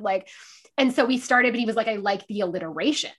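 A woman's voice: a little high, fast talker. Chatty, swearing woman telling stories. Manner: chatty, swearing, animated storytelling with laughs. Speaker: drag performer guest. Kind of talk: casual interview chat. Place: sitting by a window, on a video call.

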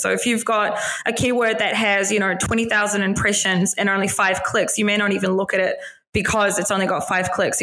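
A woman's voice: medium pitch, fairly bright tone, rough recording. A woman with a New Zealand accent, a podcast guest explaining selling tips in a casual interview and laughing easily.

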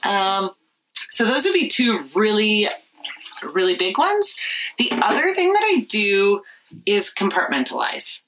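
Lively, bright-voiced woman telling a story. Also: mid-range voice, measured pace, rough recording. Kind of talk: casual storytelling chat.

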